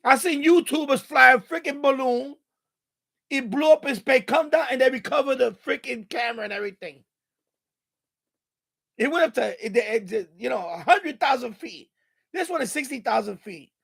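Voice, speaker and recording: A man's voice: extremely high pitch, lively intonation, moderate pace, creaky, fairly bright tone, husky. A man live-streaming about radio, ranting in an exasperated way and swearing freely at a desk mic.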